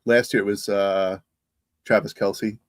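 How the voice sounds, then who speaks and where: A man chatting casually, halting and hesitant, with many restarts. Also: fairly low pitch, little pitch movement, dry recording. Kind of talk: casual chat.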